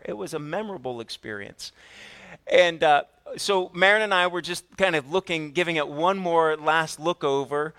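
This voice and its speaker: A pastor preaches a sermon in a slightly high voice, telling a family story with animation and putting questions to the congregation.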